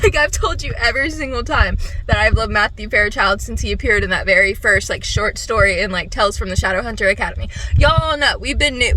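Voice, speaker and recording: A young woman chatting casually in a book vlog, animated and quick to swear, filmed on a phone. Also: a little high, a little hiss or hum, poor audio. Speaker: book vlogger. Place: at her workplace before clocking in.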